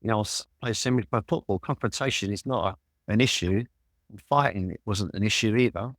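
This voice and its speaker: A London man in his sixties telling lively stories as a guest in an interview, swearing freely. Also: on the low side, a little fast, dry recording, clean studio sound. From Walthamstow, London.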